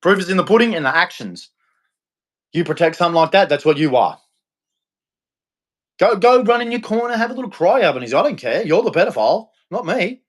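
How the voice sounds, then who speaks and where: High-pitched, heated man ranting. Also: big pitch swings, a little fast, long pauses, breathy edge. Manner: heated, accusatory, repetitive, profane. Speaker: livestream host. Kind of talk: angry livestream rant.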